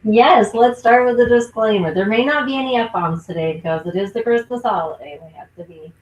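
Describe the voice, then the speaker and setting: A woman's voice: a little high, a little fast, roomy sound, dull audio. A woman who works as a nurse coach co-hosting a podcast in a bubbly, emphatic, casual way. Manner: bubbly, emphatic, laughs often.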